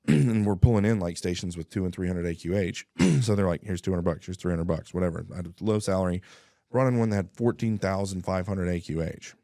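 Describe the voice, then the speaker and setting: A man telling his life story in a casual interview, animated, acting out dialogue and often clearing his throat. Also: sits low, no echo, studio quality. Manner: animated, acts out dialogue with quick voice shifts; frequent throat clearing and restarts.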